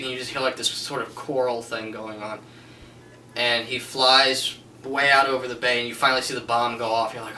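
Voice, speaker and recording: A man's voice: medium pitch, bright, forceful tone, roomy sound, far from the mic, slight background noise, low-quality recording. Gushing man rambling through a film review. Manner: gushing, rambling with many restarts and fillers. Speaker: movie reviewer. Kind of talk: casual spoken film review.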